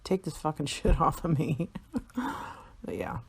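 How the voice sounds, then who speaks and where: A woman's voice: low voice, big pitch swings, normal speed, creaky, breathy edge, dry recording. A tired woman in a casual vlog monologue, rambling, swearing a lot and laughing often. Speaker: vlogger.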